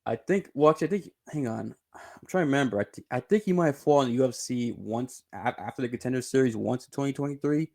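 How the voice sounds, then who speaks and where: A man's voice: fast, creaky, warm tone. Rambling man giving casual fight commentary. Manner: rambling, self-correcting, bursts into high giggling laughter; swears casually. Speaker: sports channel host.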